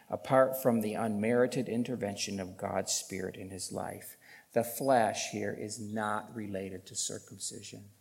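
Male pastor, sermon delivery, emphatic and deliberate, long church reverb. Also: fairly low pitch, vocal fry. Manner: emphatic, rising loud on key points, rhetorical questions.

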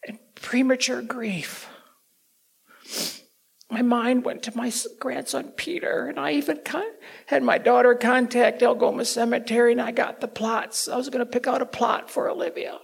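An older man giving an emotional sermon testimony, swinging between loud outbursts and near-whispers. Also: very high-pitched, fairly even intonation, moderate pace. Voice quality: gravelly, husky.

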